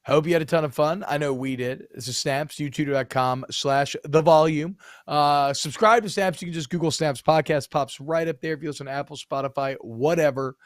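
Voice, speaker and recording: A man's voice: a little high, fairly even intonation, fairly quick, few pauses, no room sound, studio quality. A young man co-hosting a podcast, chatting casually in a loose, joking way and swearing freely. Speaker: podcast co-host. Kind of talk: casual chat.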